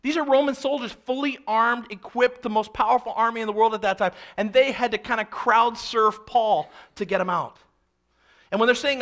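A man preaching an expository sermon, reading scripture aloud and then explaining it with animated, dramatic emphasis. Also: high-pitched, moderate pace. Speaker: pastor.

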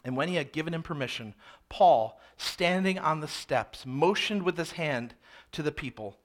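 A man preaching an expository sermon, reading scripture aloud and then explaining it with animated, dramatic emphasis. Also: fairly high pitch, normal speed. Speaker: pastor.

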